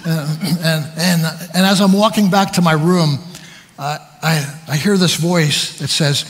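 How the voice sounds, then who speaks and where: A man preaching a sermon, telling stories about himself with animated, self-deprecating humor. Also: a little high, fairly quick, in a large hall, slight background noise.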